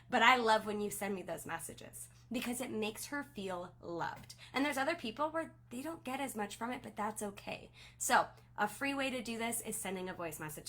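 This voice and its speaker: A woman's voice: medium pitch, fairly bright tone. A woman who leads a direct sales team, coaching them in an upbeat, gushing and encouraging way.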